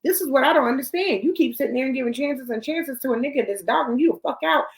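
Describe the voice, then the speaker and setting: A woman's voice: sits high, fast. A woman hosting a celebrity gossip show, ranting bluntly and profanely, talking straight to the people she discusses. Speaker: host.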